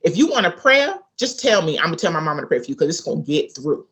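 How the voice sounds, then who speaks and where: Fast and low-voiced, this woman author from South Carolina shares a family anecdote during a laid-back interview, where she is a guest. She's a lively storyteller who voices the people she quotes.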